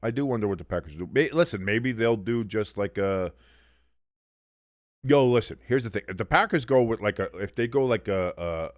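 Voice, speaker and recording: A man's voice: on the low side, lively intonation, normal speed, dry recording. Casting: male streamer-host, rambling and profane, casual game calls, dry close sound. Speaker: watch-along streamer and host. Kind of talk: casual live game commentary.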